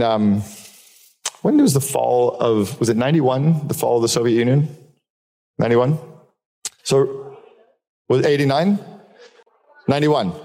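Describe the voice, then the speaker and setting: A man delivers a candid, profane business keynote to a live audience, telling stories and repeating points for emphasis. His voice is mid-range and a little mellow, and a long hall reverb trails his words.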